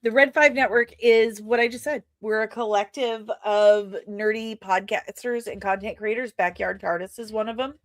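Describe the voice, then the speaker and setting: In a dry, studio-quality recording, a woman who hosts a podcast and makes comics talks at a moderate pace with few pauses. Her medium-pitched voice holds a steady tone while she rambles casually, putting herself down and using lots of fillers.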